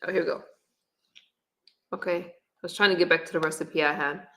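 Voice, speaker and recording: A middle-aged woman hosts a relaxed livestream, chatting to viewers straight into her camera. Her voice is bright, and her easygoing manner holds as she reads comments and recipes aloud. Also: lowish voice, brisk. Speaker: livestream host. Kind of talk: casual live-stream chat. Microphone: webcam or phone on camera.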